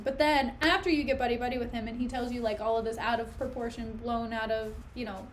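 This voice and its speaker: A woman's voice: a little high, fairly even intonation, fairly quick, slight background noise, low-quality recording. Chatty, giggly woman streamer. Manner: chatty, giggly, self-mocking. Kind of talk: casual reading stream with commentary.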